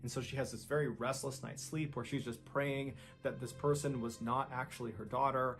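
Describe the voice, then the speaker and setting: Gravelly man telling a true-crime story. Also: mid-range voice, fairly even intonation, moderate pace, fairly bright tone, faint music behind. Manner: dramatic, suspenseful retelling with quoted lines. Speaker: narrator.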